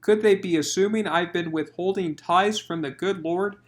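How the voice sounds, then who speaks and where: A man's voice: high voice, normal speed, close to an everyday voice. A man voicing a fussy, worried country priest who rambles on at length. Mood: fretful. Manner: long-winded, fretful.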